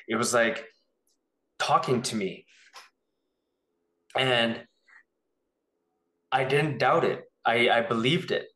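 A man tells his own story to an interviewer in a rambling, animated way, acting out the voices of the people he quotes. His voice sits at an ordinary pitch. The room around him has a noticeable echo. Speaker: interview guest. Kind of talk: personal storytelling.

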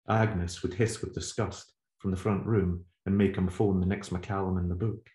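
Man, author, reading aloud, measured, low voice, roomy. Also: steady tone, a little mellow. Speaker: author reading his novel. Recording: roomy echo.

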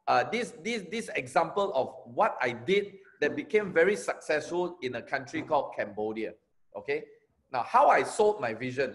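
High-voiced, energetic Malaysian man. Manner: energetic, emphatic, repeats key phrases. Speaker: network marketing trainer. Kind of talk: motivational talk.

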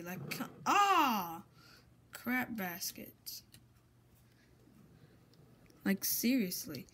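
Woman yelling at her game, slow drawn-out talk, keeps saying frick and crap baskets, faint noise behind. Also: medium pitch. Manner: exasperated, excitable, mild minced oaths. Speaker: gamer. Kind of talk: gameplay commentary.

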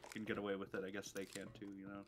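A man co-hosting a game stream, explaining details in a relaxed, knowledgeable way with a light chuckle. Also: lowish voice, racing. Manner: laid-back, knowledgeable, chuckling. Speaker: co-host. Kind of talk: casual gaming livestream chat. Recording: noticeable background noise.

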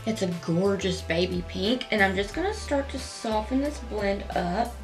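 A woman's voice: medium pitch, moderate pace, soft background music. Chatty woman narrating a makeup tutorial. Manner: chatty, gushing, gentle, talks through each step. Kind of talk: casual step-by-step tutorial narration.

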